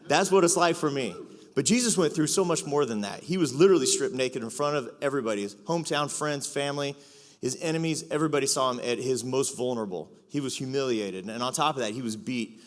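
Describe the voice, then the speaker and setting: A man preaching a sermon in a chatty, confessional way, with joking asides. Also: medium pitch. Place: church auditorium. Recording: echoey hall reverb.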